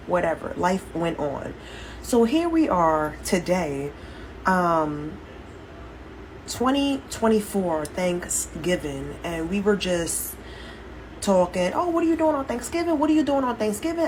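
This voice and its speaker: A woman's voice: on the low side, slight background noise, rough recording. A woman talking candidly into her phone to her followers in a rambling, profanity-laced casual vlog. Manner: candid, rambling, heavy swearing. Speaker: social media poster.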